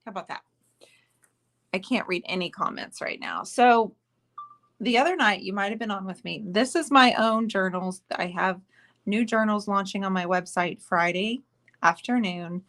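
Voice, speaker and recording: A woman's voice: medium pitch, normal speed, a bit bright. A woman hosting a casual live painting stream, talking chattily and rambling to viewers while she sits close to the camera at a table indoors. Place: indoors at a table, away from usual setup.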